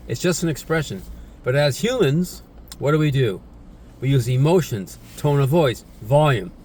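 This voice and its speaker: A man's voice: medium pitch, a little mellow, a little hiss or hum. A man giving a casual spoken English lesson, repeating himself and tagging questions onto his points. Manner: repetitive, tag questions like "right?" and "isn't it?". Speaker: English teacher.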